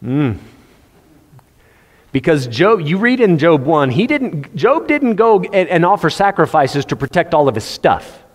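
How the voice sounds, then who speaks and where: A man's voice: fairly high pitch, big pitch swings, unhurried. A man preaching a sermon, speaking conversationally and quoting scripture in King James wording. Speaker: pastor. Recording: long hall reverb.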